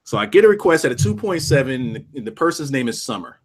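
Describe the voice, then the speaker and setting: A man's voice: medium pitch, fast talker, husky. A young man in a casual podcast chat, telling a long anecdote with many restarts and some swearing. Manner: animated storyteller, lots of restarts and swearing. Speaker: podcast co-host.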